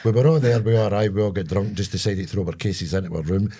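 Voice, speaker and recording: A man's voice: lowish voice, fast talker, dark tone, slightly rough. An older man with a Scottish accent, co-hosting a casual comedy podcast and telling crude stories with relish. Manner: bawdy, storytelling, crude jokes. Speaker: podcast co-host.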